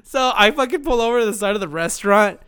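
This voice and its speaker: A young man tells a story in casual, profane chat, laughing and acting out other people's lines. His voice sits high for a man and stays clean and smooth. He talks loosely and freely, full of swearing. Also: lively intonation, quick pace, a bit bright. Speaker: delivery driver telling a story.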